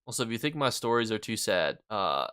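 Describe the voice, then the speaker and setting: A man's voice: lowish voice, big pitch swings, brisk, a bit bright, clean tone, no room sound, clean studio sound. A young man streaming a game, telling rambling stories in casual chat and answering his viewers. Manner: rambling, filler-heavy storytelling; reads and answers chat while playing.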